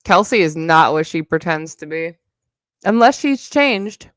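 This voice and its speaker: A woman's voice: fairly low pitch, expressive, measured pace, fairly bright tone, dry recording, studio quality. A young woman with a New York accent, ranting bluntly and profanely in a rambling casual livestream. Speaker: live streamer.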